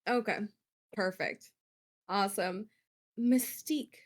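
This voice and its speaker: A woman's voice: medium pitch, slow. A woman who grew up in Spain, hosting a game show and asking contestants long, rambling questions in an affectionate tone.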